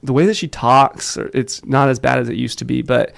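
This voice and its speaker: A man's voice: medium pitch, fairly even intonation, a little fast, vocal fry. A man in his thirties, a father, chatting casually on a podcast and acting out quotes as he tells family stories. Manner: chatty storyteller, laughs often, acts out quotes. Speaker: podcast co-host or guest, father. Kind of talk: casual chat.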